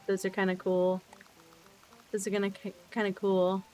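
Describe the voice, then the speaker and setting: A woman's voice: mid-range voice, completely flat delivery, moderate pace, a little mellow, soft background music, rough recording. A young woman streaming a game, chatting casually, sometimes swearing and cooing baby talk at her pets. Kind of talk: casual chat while playing a game.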